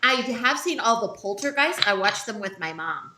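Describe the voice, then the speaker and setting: Chatty woman, lively voice. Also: fairly high pitch, moderate pace, roomy sound, slight background noise. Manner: chatty, teasing. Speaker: podcast co-host. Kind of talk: casual chat while cooking. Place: home kitchen.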